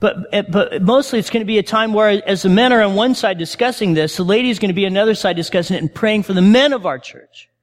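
A man's voice: high voice, fast talker, hardly any pauses, big-room sound. A male pastor preaching a conversational sermon, often calling out to his congregation.

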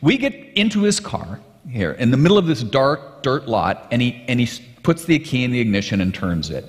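A man, a pastor, telling a story in a sermon in an animated, conversational way, heard in a large hall with long reverb. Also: mid-range voice, brisk.

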